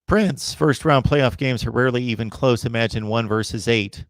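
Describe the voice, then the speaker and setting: A man's voice: medium pitch, moderate pace, no echo. Guy running a college football livestream, firm opinions, mid voice, dry close sound. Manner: opinionated, emphatic, answers viewer comments. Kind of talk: casual live chat reading comments.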